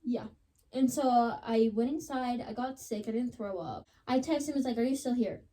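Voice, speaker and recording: A woman's voice: a little high, moderate pace, mellow. A young woman on a podcast, chatting casually and dramatically retelling a story, with lots of "like.". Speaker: podcast co-host.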